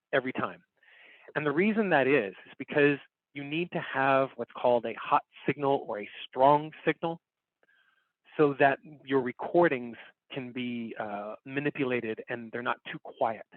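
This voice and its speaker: A man's voice: medium pitch, moderate pace, no room sound. A man teaching an online workshop, explaining step by step and repeating key points in a casual, upbeat way while he demonstrates on screen. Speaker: workshop instructor. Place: home recording setup. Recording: dry, phone-like online call audio.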